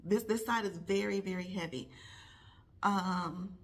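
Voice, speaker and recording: Woman, middle-aged, vlogger, heartfelt, pausing often, repeating words, medium pitch. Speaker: vlogger, nurse. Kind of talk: personal vlog talk to camera.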